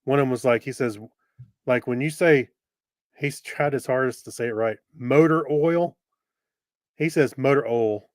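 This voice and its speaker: A man co-hosting a podcast in casual chat, easygoing, with quick agreeing replies. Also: medium pitch, dry recording, studio quality. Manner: easygoing, brief backchannels and laughs. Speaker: podcast co-host.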